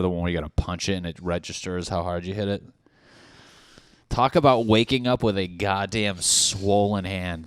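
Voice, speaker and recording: A man's voice: deep voice, no echo, clean studio sound. A young man hosting his own podcast, rambling and riffing with plenty of swearing and acted-out bits of dialogue. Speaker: podcast host. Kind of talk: solo podcast rant.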